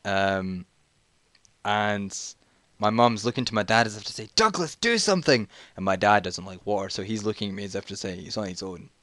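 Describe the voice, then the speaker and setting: A man's voice: fairly low pitch, little pitch movement, a little fast, a bit bright, no room sound. A man, telling a jokey, rambling story in a casual vlog while playing a video game and getting sidetracked. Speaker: vlogger.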